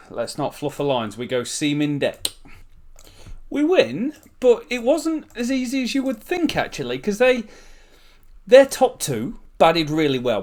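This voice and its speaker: A man talks through a let's-play session in a voice of ordinary middle pitch. He is chatty and excitable, cracking jokes between stretches of commentary. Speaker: gaming channel host.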